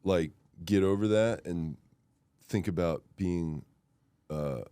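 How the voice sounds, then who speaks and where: A deep-voiced man co-hosting a podcast, trading sarcastic political banter with a deadpan delivery. He drops into low, mumbled asides. The recording is close and dry. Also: takes it slowly, clean tone, no room sound. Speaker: podcast co-host.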